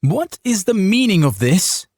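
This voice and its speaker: A man voicing a shrill, furious farmer's wife. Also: big pitch swings, measured pace, darkish tone, no room sound, clean studio sound, full character voice. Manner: shrill, scolding, indignant. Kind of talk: audiobook character voice.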